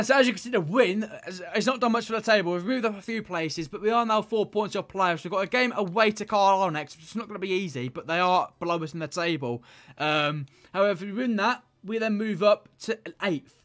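A man giving excited video game commentary, swinging from muttered pleading to loud shouting. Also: sits high. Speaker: gaming video creator.

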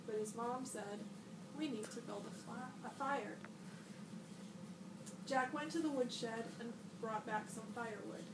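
A woman with a high voice reads a picture book aloud to children, lifting her voice brightly for the boy's shouted lines. She sits a little away from the mic. The room is echoey, with steady noise behind her. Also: a little slow, recorded from a distance. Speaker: school librarian.

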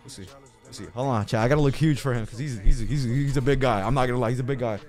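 A young man livestreaming, chatting casually to his viewers and swinging between yelled rants and low mumbling. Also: fast talker, faint music behind.

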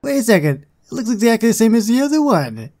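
Chatty man with a mellow voice. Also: very high voice, very animated, fast talker. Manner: chatty, self-deprecating, muttering asides. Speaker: gaming channel host. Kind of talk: casual gameplay commentary.

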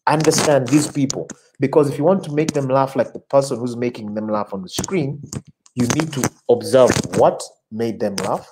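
A male creative director talking through questions from viewers in a relaxed interview. His delivery is animated and he often doubles back on words mid-thought. His voice sits at an ordinary pitch for a man. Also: normal speed, noisy background. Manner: animated, repeats words while searching for them. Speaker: advertising creative director, guest. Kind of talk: casual online interview, answering audience questions.

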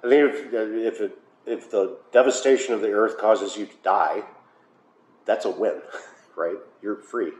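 A man's voice: on the low side, fairly even intonation, a little slow, a little mellow. An American man, a pastor, leading a Bible study in a conversational way, with filler uhs and wry asides. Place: church hall. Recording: echoey room, faint noise.

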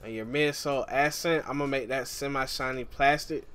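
A man casually walking viewers through a game tutorial, relaxed and chatty, often calling the listener "man". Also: mid-range voice, a little fast, smooth, soft background music. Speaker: gaming YouTuber.

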